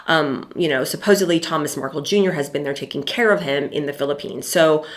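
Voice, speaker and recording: Low-voiced middle-aged woman, chatty vlog. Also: fairly quick. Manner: chatty, dry sarcastic asides, frequent fillers. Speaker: vlog host, commentator. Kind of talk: casual commentary vlog.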